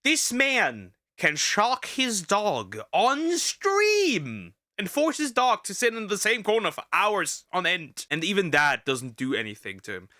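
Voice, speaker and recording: On a clean, dry studio recording, a man with a voice on the high side hosts a VTuber video reaction. He's casual, lively, and sarcastic, frequently stumbling and repeating himself.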